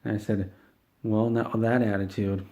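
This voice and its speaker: Guy with a lowish voice rambling thru a deadpan funny story, keeps restarting. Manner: meandering, halting, with frequent restarts. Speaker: comedic storyteller. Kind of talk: rambling deadpan comedic monologue.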